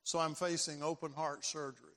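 A man, preaching a sermon and telling a personal story, acting out voices and building to loud emphasis. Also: fairly high pitch, flat delivery, brisk. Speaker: pastor. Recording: long hall reverb.

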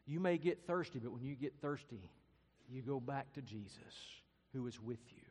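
A man's voice: mid-range voice, expressive, moderate pace, husky, big-room sound. A man preaching a sermon and telling a story earnestly and dramatically. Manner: earnest, dramatic, varies loudness and pace. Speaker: pastor.

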